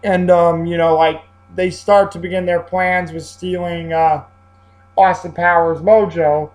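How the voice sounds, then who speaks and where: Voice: medium pitch, flat delivery, unhurried, poor audio. A movie reviewer giving a casual spoken film review, rambling along with many fillers and restarts.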